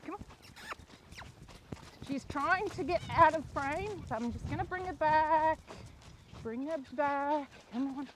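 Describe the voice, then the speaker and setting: Slow-talking young woman coaching a horse. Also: high voice, slight background noise. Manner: calm coaching, softly praising the horse. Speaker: horse trainer riding. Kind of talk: narrated riding lesson while training a horse. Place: outdoor rural riding arena.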